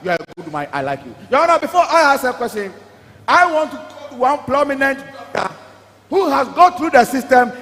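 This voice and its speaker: A high-pitched man with a Ghanaian accent, playing a blustering comic lawyer who keeps pleading to the judge in broken pidgin. His voice echoes through a reverberant live stage. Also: fairly bright tone. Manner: pleading, repetitive "Your Honor", broken pidgin. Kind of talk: live stage comedy skit.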